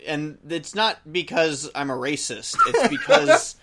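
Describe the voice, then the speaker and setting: A man's voice: on the high side, sing-song, measured pace, heavy background noise. A man co-hosting a casual podcast, giving opinions in a rambling way with many restarts. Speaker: podcast co-host. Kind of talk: casual chat.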